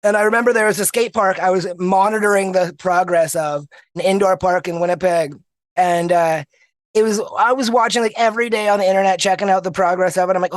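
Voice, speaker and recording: A man's voice: sits high, quick pace, dry recording. A young man from Canada, a podcast guest telling stories casually and animatedly, laughing often. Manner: animated, laughs often, restarts mid-sentence. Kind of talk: casual storytelling.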